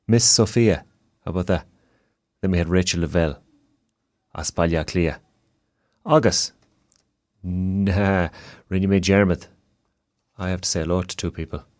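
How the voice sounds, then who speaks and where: A man's voice: low voice, a little mellow. An Irish man hosting a music radio show, chatting easily between songs and dropping in Irish-language phrases.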